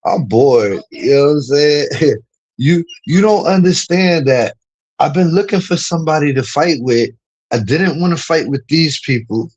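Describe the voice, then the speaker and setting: Husky man ranting mockingly on stream. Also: a little high, measured pace, a little mellow, poor audio. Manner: heated and mocking, laughs often; keeps saying "you know what I'm saying".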